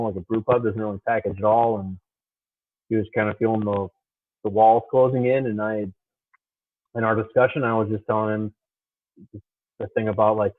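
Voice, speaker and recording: Male guest, low voice, tinny call audio, earnest talker. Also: no echo. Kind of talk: casual live chat. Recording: tinny phone-like call line.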